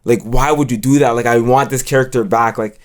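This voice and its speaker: A young man co-hosting an anime review show, talking in a slangy, halting way and retelling scenes in quotes. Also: mid-range voice, steady tone. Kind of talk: casual chat.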